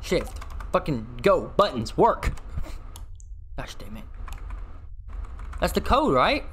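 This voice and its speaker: A man giving horror game commentary, swearing constantly and yelling when he gets startled. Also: on the high side, very animated, slow pace, faint music behind. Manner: swears constantly, jumpy and loud when scared. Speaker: gaming video host.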